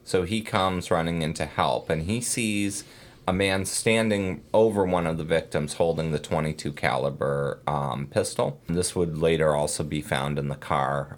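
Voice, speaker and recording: A man's voice: extremely low pitch, moderate pace. A man hosting a casual true crime podcast, telling the case in a rambling way with many fillers and self-corrections.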